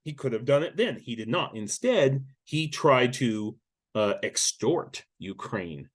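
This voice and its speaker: A man's voice: medium pitch, big pitch swings, takes it slowly. A man giving casual news commentary, blunt and sarcastic, with lots of swearing and frequent restarts. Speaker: YouTube war-news commentator.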